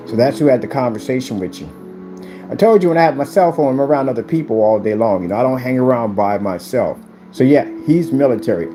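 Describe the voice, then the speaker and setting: Male host, confrontational rant, music playing underneath. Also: medium pitch. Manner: taunting, repetitive, confrontational. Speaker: channel host. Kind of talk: ranting commentary video. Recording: echoey room with music behind.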